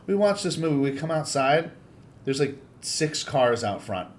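A sword-fighting coach appears as a guest on a casual podcast, telling animated, profanity-filled stories. His voice is slightly high and moderately paced, with a bit of hiss or hum in the audio.

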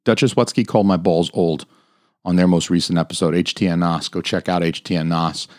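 A man's voice: deep voice, steady tone, fairly quick, darkish tone, no room sound. A man hosting a podcast alone, ranting crudely and rambling from topic to topic, full of swearing, from a home studio mic. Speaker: podcast host. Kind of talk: solo podcast rant.

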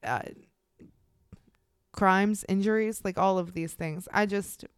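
A woman co-hosting a podcast, chatting casually in an animated, emphatic way. Her voice is smooth and resonant at a middle pitch. The sound is dry and close, with no room around it. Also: slow pace, dry recording. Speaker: podcast co-host.

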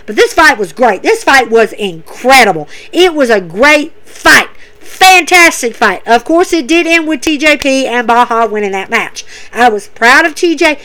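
A woman hosting a casual wrestling recap, gushing and excitable, talking straight to her listeners. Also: high-pitched, normal speed.

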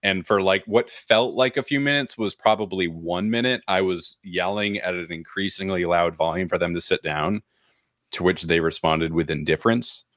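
A man, co-hosting a podcast in casual chat, rambling and self-mocking as he tells animated stories. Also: low voice, normal speed, no room sound, studio quality. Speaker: podcast co-host.

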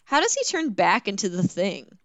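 A woman's voice: medium pitch, wildly swooping pitch, moderate pace, a bit bright, no room sound. A woman co-hosting a podcast, chatting casually with a skeptical, playfully exasperated manner. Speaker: podcast co-host.

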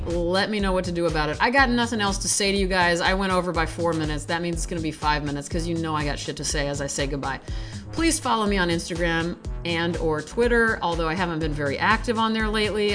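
Tired, excitable woman podcaster. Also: on the low side. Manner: profane, excitable, self-mocking. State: exhausted, recovering from surgery. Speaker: podcast host reading essays aloud. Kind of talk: reading aloud, then casual chat.

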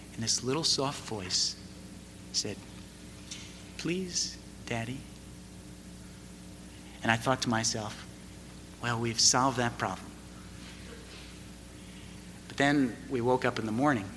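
A middle-aged male pastor preaches at an unhurried pace, his bright, forward tone carrying through a long-reverb church hall. He tells stories deliberately, pausing and then pressing points with rising emphasis. Faint ambience sits under his voice. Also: medium pitch, a little hiss or hum. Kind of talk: sermon.

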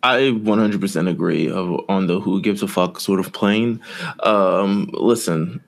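Man, podcast co-host, low voice, casual chat, emphatic, repetitive. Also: unhurried, gravelly. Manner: emphatic, repetitive, animated opinions.

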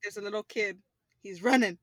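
A woman co-hosting a podcast, calmly giving quiz hints in a low-key way. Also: brisk, no echo. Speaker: podcast co-host, quiz master. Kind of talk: casual chat.

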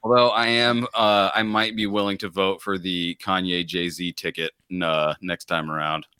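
A man's voice: low voice, little pitch movement, moderate pace, bright, forceful tone, clear, resonant tone, no echo, clean studio sound. A man in his thirties hosting a casual comedy podcast, joking and laughing often. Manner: joking, laughs often, quotes people in silly voices. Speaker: podcast host.

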